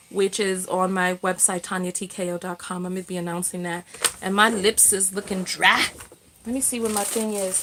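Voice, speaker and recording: A middle-aged self-love coach hosts a casual livestream, reading viewer comments aloud. Her medium-pitched voice is a bit bright, and she chats loosely with many fillers and restarts.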